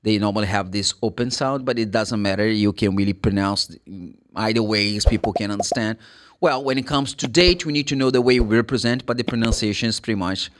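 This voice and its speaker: A man with a Brazilian Portuguese accent teaching English pronunciation, repeating words slowly to model the sounds and often correcting himself. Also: lowish voice. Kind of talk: pronunciation lesson.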